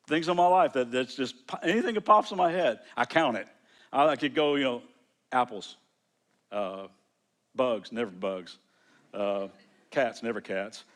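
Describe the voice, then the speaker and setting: A middle-aged man from the United States preaches as a pastor, speaking in an everyday, conversational tone. He stumbles and restarts often as he recounts a personal story. His voice sits in an ordinary, middle pitch. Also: fairly bright tone. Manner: conversational, halting with frequent restarts. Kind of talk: sermon storytelling.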